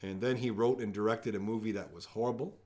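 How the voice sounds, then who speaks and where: A man's voice: fairly low pitch, fairly even intonation, quick pace, mellow. A man hosting a live-streamed trivia game from home, joking around as he reads each question twice. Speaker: trivia host.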